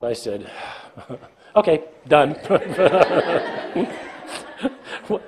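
A man's voice: on the high side, expressive, drawn-out words, background noise. An older man giving a leadership talk, telling self-deprecating stories and acting out dialogue with a chuckle. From United States. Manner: storytelling, self-deprecating, acts out dialogue with laughs. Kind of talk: conversational lecture with anecdotes.

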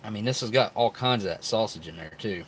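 A man's voice: lowish voice, fast, a bit bright, slight background noise. A man chatting casually to his viewers while he tastes old food, sometimes talking with his mouth full. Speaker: food reviewer. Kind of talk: casual vlog talk to camera.

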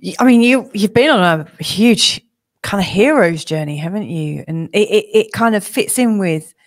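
A woman's voice: medium pitch, expressive, moderate pace. A woman hosting a podcast interview, speaking thoughtfully and hesitantly with many fillers as she reflects. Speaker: host.

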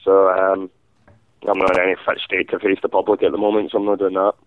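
A man's voice: deep voice, monotone, fast talker. A hungover man calling in to a radio show, rambling and swearing with many ums. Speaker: caller. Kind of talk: casual phone chat. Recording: dry tinny phone line.

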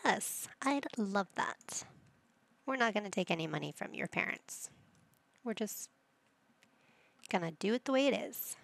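A woman's voice: mid-range voice, lively intonation, moderate pace, gravelly, long pauses. A woman hosting a casual let's-play, chatting to the game characters as she plays. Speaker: gaming channel host.

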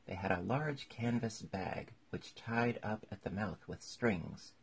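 A man narrating a classic storybook chapter in a steady, measured reading. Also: on the low side, creaky, slightly rough. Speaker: audiobook narrator.

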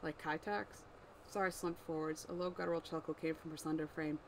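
An author reading their own fantasy story aloud while editing, pausing to correct slips and muse aloud. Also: mid-range voice, little pitch movement, slight background noise, low-quality recording. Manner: unhurried, pausing, correcting slips, musing aside. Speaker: author and narrator.

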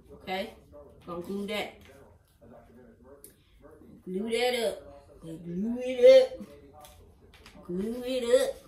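A woman's voice: mid-range voice, fairly bright tone. An older woman teaching a sewing craft in a casual, teasing and encouraging way, repeating her instructions often. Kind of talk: casual tutorial. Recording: roomy sound from a distant mic.

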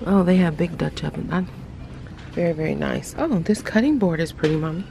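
A woman's voice: fairly low pitch, fairly quick, gravelly, mellow. A woman vlogger gushing over items while walking through a large store, often dropping into half-whispered asides. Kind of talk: casual shopping vlog. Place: inside a large retail store. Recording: noisy store ambience.

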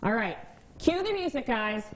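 A woman's voice: a little high, big pitch swings, a little hiss or hum, low-quality recording. A woman hosting a local TV interview, bubbly and playful. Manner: bubbly, playful, quick to laugh. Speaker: TV show host. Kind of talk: lively morning TV interview.

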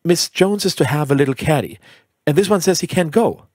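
A man voicing a fussy, slightly anxious woman nurse in a storybook reading, his voice husky. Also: low voice, brisk, darkish tone, no echo, clean studio sound, voice pushed up. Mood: fretful. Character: fussy flustered adult female nurse.

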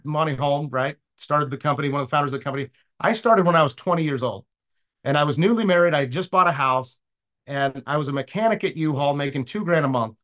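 A man's voice: medium pitch, fairly bright tone, dull audio. A man leading his sales team, giving a motivational talk in a blunt, casual way and often checking that they follow. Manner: casual, blunt, repeats "does that make sense?". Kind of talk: motivational talk with personal story.

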